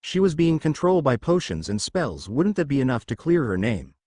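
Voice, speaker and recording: A man's voice: medium pitch, sing-song, normal speed, darkish tone, dry recording, studio quality. A man voicing Harry, an earnest, worried teenage wizard, in a storybook reading. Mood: pleading. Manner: earnest, a little desperate.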